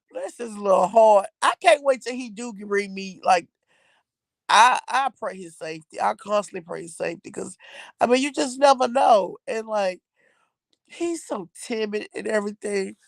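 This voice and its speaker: A middle-aged woman from Texas chats with her viewers in a loose, animated storytelling way, laughing often. Her voice sits at an ordinary pitch, and the recording is close and dry with no room sound. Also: normal speed, creaky, dry recording. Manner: chatty and animated, laughing often, uses Southern US slang. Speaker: mother talking about her son's new job.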